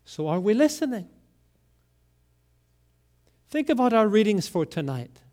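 Slow, dramatic high-voiced male preacher. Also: very animated. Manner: deliberate, with dramatic swings between loud emphasis and near-whispered lines. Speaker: pastor. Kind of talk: sermon.

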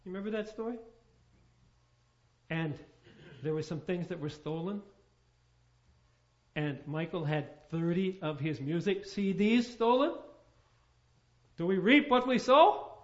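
Male pastor preaching, storytelling, lots of rhetorical questions, highish voice, muffled lo-fi sound. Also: a little mellow. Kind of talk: sermon.

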